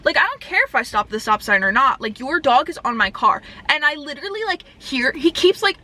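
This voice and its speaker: Bright, animated young woman ranting. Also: sits high, fast talker, hardly any pauses. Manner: animated, swearing, quoting herself. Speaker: storyteller. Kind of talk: casual storytime rant.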